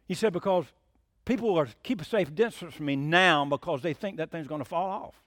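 A man's voice: a little high, brisk, fairly bright tone, no echo, studio quality. A man preaching a sermon, telling folksy stories and asking the congregation questions. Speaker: pastor.

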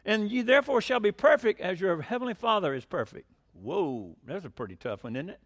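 A middle-aged man preaching a sermon, swinging between loud emphatic declarations and quiet conversational asides, often questioning the congregation. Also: sits high, very animated, fairly quick.

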